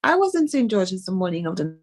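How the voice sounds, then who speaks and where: A woman's voice: medium pitch, very animated, quick pace. A woman hosting a radio interview, talking in a conversational, engaged way. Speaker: host.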